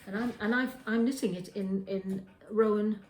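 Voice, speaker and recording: A woman's voice: medium pitch, fairly even intonation, normal speed, a little hiss or hum. Rambling woman in an echoey kitchen. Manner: rambling, with frequent restarts and self-corrections. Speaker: knitting podcast host. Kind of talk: casual show-and-tell chat. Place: home kitchen.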